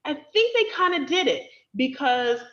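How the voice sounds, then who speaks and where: A woman's voice: high-pitched, big pitch swings, unhurried, a bit bright. A woman on a casual panel chat, thinking her ideas through aloud. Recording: echoey lo-fi call audio.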